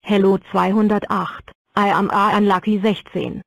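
A woman voicing a cheerful talking number block in a cartoon, introducing itself flatly. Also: medium pitch, normal speed, creaky, no echo. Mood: plain. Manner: flat self-introductions.

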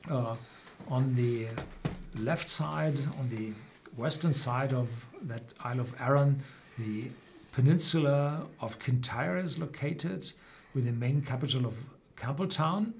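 A man, a German native speaker, hosting a whisky tasting livestream and explaining the regions with many pauses and restarts. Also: medium pitch, creaky, a little hiss or hum. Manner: hesitant, many fillers and restarts.

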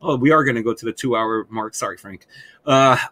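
Bright, excitable man swearing casually. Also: medium pitch, a little fast. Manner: excited, profane, rambling. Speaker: podcast co-host. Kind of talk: casual chat.

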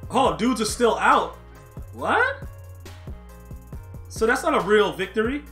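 A young man commentates his football video game on a live stream, talking to chat and repeating himself when excited. His voice is high and bright, with soft music in the background. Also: moderate pace. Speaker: gaming streamer.

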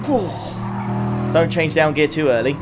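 A man commentating his own sim race on a live stream, excitable and chatting to his viewers. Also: on the high side, unhurried, very noisy. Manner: excitable, laughs often, chats to viewers.

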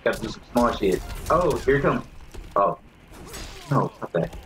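A man giving excitable, swearing live commentary while playing a fighting game, reacting loudly to every move. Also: mid-range voice, moderate pace, faint music behind. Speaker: gamer.

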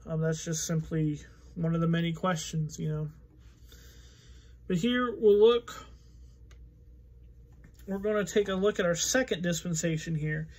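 A man teaching a Bible study in a casual, conversational way, reading scripture aloud and thinking out loud with fillers. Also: fairly high pitch, a little slow, long pauses. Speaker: pastor.

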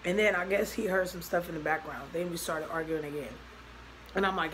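A woman's voice: on the low side, brisk, fairly bright tone, a little hiss or hum, rough recording. A young woman vlogging a personal story, talking loosely and acting out both sides of each conversation. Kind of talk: storytime vlog.

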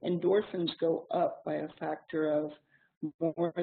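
A middle-aged woman giving a clinical seminar lecture. She explains in a measured way, with frequent pauses and ums. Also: sits low, little pitch movement, vocal fry. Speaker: seminar instructor. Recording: tinny lo-fi seminar recording with faint hiss.

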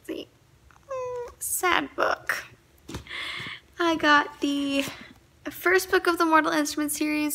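A young woman with a high, bright voice chats casually to her camera, eager and a little rambling. A faint hiss of background noise sits under her voice. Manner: chatty, enthusiastic, rambling. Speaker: book vlogger. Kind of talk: casual vlog chat.

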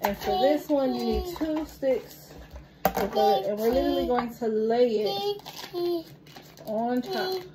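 A woman's voice: high-pitched, expressive, slow, pauses often, very noisy. A woman cooking at home with her young son, coaxing and encouraging him in a playful, giggly way for a casual cooking vlog.

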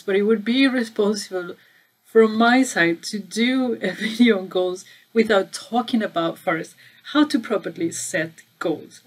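Woman explaining business metrics to camera. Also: mid-range voice. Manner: conversational, stresses key words, asks viewers questions. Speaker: channel host and data trainer. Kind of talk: casual explainer video.

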